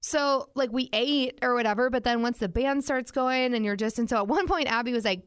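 A woman's voice: a little high, brisk, hardly any pauses, smooth, no room sound, clean studio sound. A young woman in casual chat, easygoing and joking, with many fillers. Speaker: podcast co-host.

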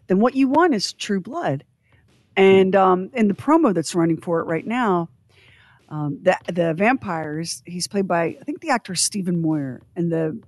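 Woman, podcast co-host, casual chat, lively storyteller, low-ish voice, dry close mic. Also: dry recording. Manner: chatty, animated storyteller who laughs often.

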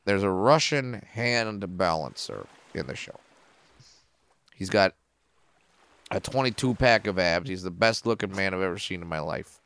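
A man who is a comedian and a podcast guest, telling stories in a casual, profane and animated way. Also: low-pitched, unhurried, pauses often, smooth, no room sound.

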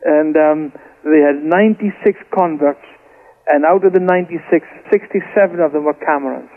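Heard over a phone line, a Scottish man with a fairly high voice speaks at normal speed. He is a guest preacher giving his family's testimony with fervour, and he often repeats words as he tells the story with passion.

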